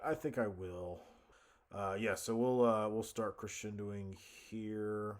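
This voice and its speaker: A man's voice: fairly low pitch, fairly even intonation, slow. A young man narrating a casual music-writing tutorial, thinking aloud at his computer with many fillers and self-corrections. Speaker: music composition instructor.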